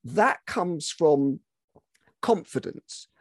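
Higher-voiced male interviewer, dry sound. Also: big pitch swings, drawn-out words, creaky, no room sound. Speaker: podcast host. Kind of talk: conversational interview.

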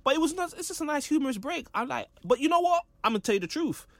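A man chatting casually about a film, laid-back and getting animated when he jokes. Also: very high-pitched, fast talker, dry recording.

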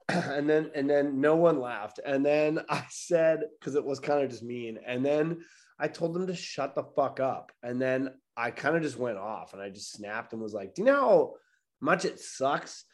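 Exasperated comedian telling a rant. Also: male voice, medium pitch, moderate pace, a little mellow. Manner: swearing, exasperated storytelling. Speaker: stand-up comedian and podcast host. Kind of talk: casual podcast chat. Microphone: remote video call.

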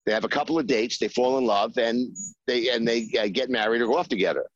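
A man telling a behind-the-scenes anecdote in an interview, halting with many fillers and acting out the voices he quotes. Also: mid-range voice, no room sound, muffled recording. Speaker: screenwriter guest.

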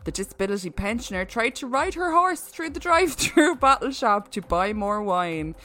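A woman's voice: medium pitch, very animated, moderate pace, bright, forceful tone. A woman co-hosting a comedy podcast, joking around and reading odd news stories in a playful mock-newscaster way, often breaking into giggles. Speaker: podcast co-host.

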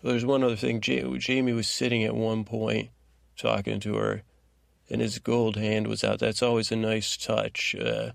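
A man's voice: lowish voice, flat delivery, unhurried, gravelly, no echo, clean studio sound. A man hosting a sleep podcast, giving a meandering, rambling bedtime recap that drifts off track. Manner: rambling, digressive, trailing off.

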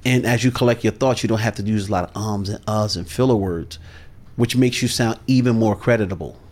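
Male sales coach, lowish voice, slow and authoritative, interview guest. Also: darkish tone. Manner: measured, deliberate and authoritative. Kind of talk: podcast interview talk.

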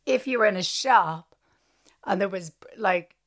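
An Irish woman co-hosting a podcast in easy, casual conversation. Her voice is mid-pitched for a woman, and she talks in a lively way, slipping into little scenes to make her point. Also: unhurried. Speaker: podcast co-host. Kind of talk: casual chat.

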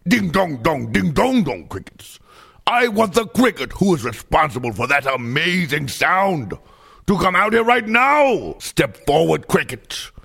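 A man voicing a flamboyant, self-absorbed nightclub diva in a comedy sketch, with a campy, theatrical, sassy delivery and sudden loud outbursts. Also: on the high side, very animated, a little slow, vocal fry, slightly rough, faint music behind, voice pushed up, full character voice. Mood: commanding. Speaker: comedy podcast host.

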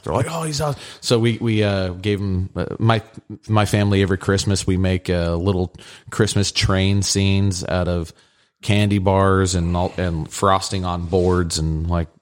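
A man's voice: sits low, flat delivery, a little slow. A middle-aged man co-hosting a podcast, telling rambling family anecdotes with lots of fillers in casual chat. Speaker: podcast co-host.

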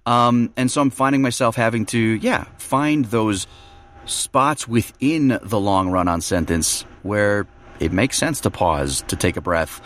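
A man who narrates audiobooks, talking in a relaxed podcast chat and explaining his process with fillers and restarts. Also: lowish voice, measured pace.

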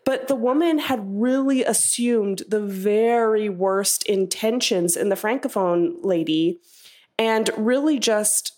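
A woman's voice: mid-range voice, slow pace, a little mellow. A woman, leaving a voicemail for a podcast, earnestly telling a story she saw and thanking the hosts. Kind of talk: recounting an anecdote in a voicemail.

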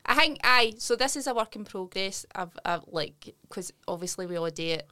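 A woman's voice: medium pitch, expressive, moderate pace, pushed and bright, clear, resonant tone, no echo. Blunt, laughing Scottish woman comedian. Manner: blunt, sweary, laughing storyteller. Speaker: stand-up comedian, guest. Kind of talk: casual chat. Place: studio, across a desk from the host.

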